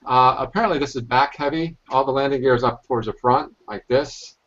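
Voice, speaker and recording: Halting man on a lo-fi video call. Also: medium pitch, a bit bright. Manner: rambling, halting with many fillers and restarts. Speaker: hobbyist scale modeler on a video hangout. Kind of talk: casual chat. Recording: dull lo-fi video call audio.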